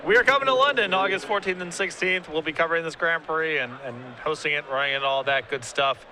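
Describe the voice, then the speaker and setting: A man's voice: fairly high pitch, fast talker, a crowd in the background. A man giving color commentary on a card game tournament, analytical with a dry sense of humor.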